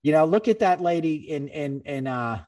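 A man hosting a podcast, talking politics in a loose, animated ramble. He swears freely and keeps restarting his sentences. He sits a little back from the microphone. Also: on the high side, moderate pace, recorded from a distance. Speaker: podcast host. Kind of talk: casual political chat.

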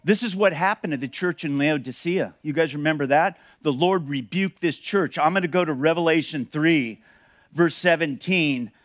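An earnest male pastor preaches with emphasis, repeating phrases for weight. His voice sits a little high for a man. The sound is dry and close. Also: normal speed, dry recording. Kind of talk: sermon.

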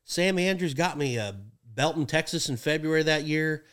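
A young man casually telling stories about his rodeo work, animated and often laughing as he acts out what people said. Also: fairly high pitch, moderate pace, clear, resonant tone. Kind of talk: casual storytelling chat.

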